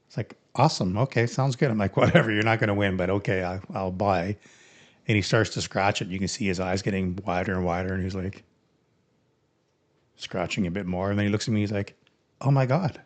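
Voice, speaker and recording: Relaxed man recounting an old prank. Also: lowish voice, brisk. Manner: relaxed, lively when acting out quotes. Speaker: podcast co-host. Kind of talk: casual storytelling among friends.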